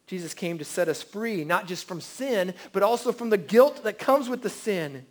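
High-voiced pastor preaching earnestly. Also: male voice, lively intonation, moderate pace, hardly any pauses. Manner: earnest, swings from quiet to emphatic. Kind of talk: sermon. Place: church service. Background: faint band guitar.

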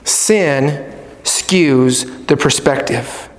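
A middle-aged male pastor preaching a sermon, swinging from loud emphatic points to low, soft prayer. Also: drawn-out words. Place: church hall. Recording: echoey church hall.

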